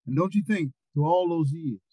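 An older man preaching a sermon over a video call, repeating words and rising into near-shouts. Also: a little high, normal speed, breathy edge, no room sound, rough recording.

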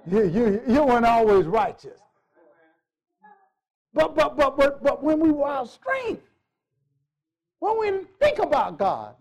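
A man's voice: very high-pitched, big pitch swings, moderate pace, pauses often, darkish tone. A male pastor preaching a sermon in a church, emphatic, repeating phrases and joking with the congregation.

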